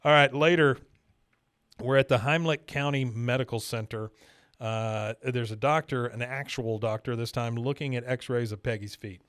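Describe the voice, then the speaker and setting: A man's voice: mid-range voice, normal speed, fairly bright tone, smooth, no room sound. A man co-hosting a podcast, narrating a cartoon episode scene by scene in a casual recap, with frequent fillers. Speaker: podcast co-host.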